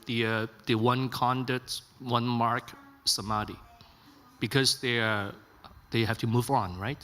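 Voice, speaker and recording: A man's voice: medium pitch, fairly even intonation, measured pace, bright, forceful tone, big-room sound, faint music behind. A man in the audience asking a hesitant question during a lecture.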